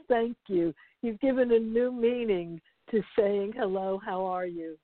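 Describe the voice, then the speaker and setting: A woman hosting an interview and asking questions in an appreciative, warm way. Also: mid-range voice, slow pace, no echo. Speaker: interview host. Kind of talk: casual interview. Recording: dry phone-like line.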